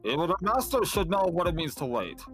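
A formal alien envoy from a pixel role-playing game, voiced by a man, stiff and polite. The delivery rises and falls with lively pitch, and game music plays underneath. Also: brisk. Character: formal male alien delegate speaking through a translator. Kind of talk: voicing video game dialogue.

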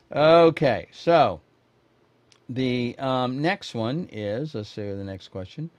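A man's voice: medium pitch, clear, resonant tone, no echo. A man teaching photography in a live quiz stream, talking straight to viewers in a rambling, chatty way with many fillers and restarts. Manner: chatty, addresses viewers directly.

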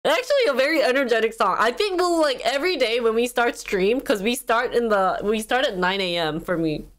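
A woman's voice: fairly high pitch, animated, fairly quick. A woman hosting a music video reaction, chatting casually with lots of energy, giggles and fillers.

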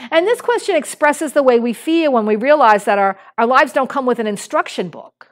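Lively, high-voiced woman pastor preaching. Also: brisk. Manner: conversational, with fillers and restarts; acts out a small boy's lines in a higher voice when telling a story. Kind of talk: sermon.

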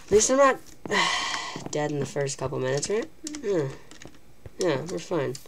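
A woman's voice: deep voice, very animated, measured pace, noisy background. A woman giving live, self-mocking commentary while playing a video game, talking to herself as she plays. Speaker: gaming channel host.

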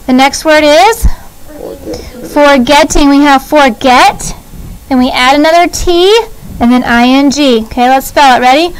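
High-voiced woman teacher leading spelling drills. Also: poor audio. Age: middle-aged. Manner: patient, drills words slowly letter by letter. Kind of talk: classroom spelling lesson over video.

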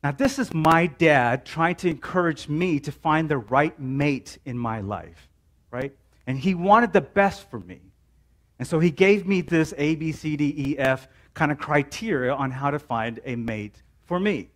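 A man's voice: a little high, lively intonation, unhurried, fairly bright tone. A man in his forties preaching a sermon in a church, telling a story casually with many "um"s and "right?"s. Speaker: pastor.

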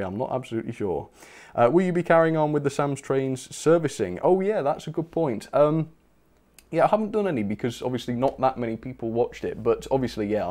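A man's voice: mid-range voice, darkish tone. A man hosting a live stream, chatting casually and reading out viewer messages with bursts of enthusiasm. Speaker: channel host.

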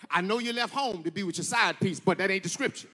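A male pastor preaching a sermon, telling stories and rising into shouted, sing-song peaks. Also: high-pitched, quick pace. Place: church sanctuary. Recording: echoey church hall.

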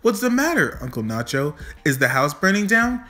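A man reading a storybook aloud, voicing a cheerful, caring young niece in a lively, chirpy way. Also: a little high, moderate pace.

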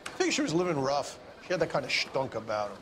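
A blunt, weary bar owner. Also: male voice, on the high side, huge pitch swings, fast, background noise. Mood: dismissive. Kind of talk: video game voice acting.

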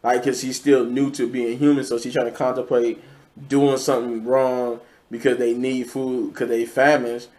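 A man's voice: medium pitch, flat delivery, normal speed, a little mellow. Rambling casual male reviewer. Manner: rambling, many fillers and restarts. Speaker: show reviewer.

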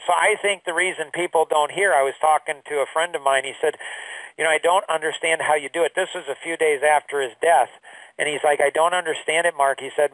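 A man's voice: fairly high pitch, a bit bright, no echo, far from the mic, low-quality recording. Earnest grandfather telling a personal story. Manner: earnest, emotional storytelling with many fillers. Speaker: course teacher.

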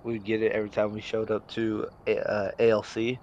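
A man's voice: lowish voice, completely flat delivery, fairly quick, darkish tone, a little hiss or hum. Easygoing man on a dull, lo-fi mic. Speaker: co-player. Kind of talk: casual chat while gaming.

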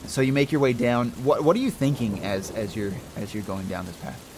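A man running a tabletop role-playing game, painting the scene in slow, searching sentences. His voice sits at a middling pitch. Faint rain hisses behind him. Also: lively intonation, darkish tone. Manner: slow, descriptive narration with restarts. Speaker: game master.

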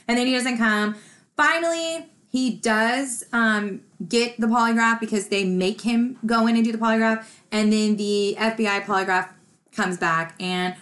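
A woman's voice: mid-range voice, a bit bright. A woman casually retelling a true crime case, acting out the quoted dialogue with lots of "like" fillers.

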